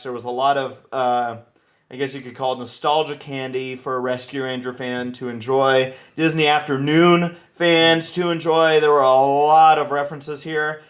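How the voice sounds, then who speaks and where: A man's voice: fairly high pitch, a bit bright. A man hosting a podcast, chatting casually and animatedly with many restarts and asides. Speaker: podcast host.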